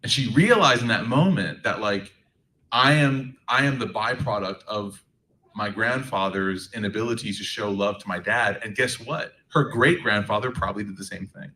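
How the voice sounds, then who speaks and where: A man's voice: on the low side, normal speed, far from the mic, low-quality recording. A man giving a faith talk to a live audience, telling humorous stories with lots of fillers. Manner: animated, humorous storytelling, many fillers.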